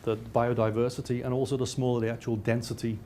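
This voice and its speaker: A man's voice: mid-range voice, flat delivery, quick pace, mellow, slight background noise. Man lecturing with dry humour. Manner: frequent restarts, dry self-mocking humour. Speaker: lecturer and researcher. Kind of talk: lecture with slides.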